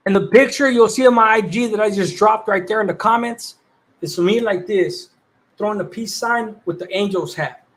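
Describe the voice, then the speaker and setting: A young man with a high voice hosts a loose, casual livestream. His talk is laid-back and full of slang, and laughter keeps breaking in between his stories. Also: moderate pace, fairly bright tone. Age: 20s. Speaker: livestream host.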